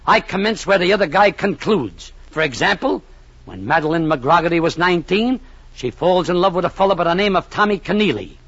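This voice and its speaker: A man's voice: high voice, expressive, a little fast, a bit bright, husky, no room sound. A man narrating a 1940s radio comedy in a mock-pompous, long-winded way, full of grand phrasing. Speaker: comic narrator. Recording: dull old radio recording.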